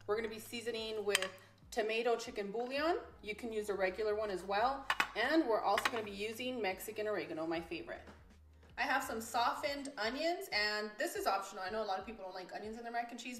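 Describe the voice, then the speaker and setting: Chatty Texan woman teaching home cooking. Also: medium pitch. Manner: chatty, easygoing step-by-step instruction with soft laughs. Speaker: cooking channel host and mother. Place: home kitchen.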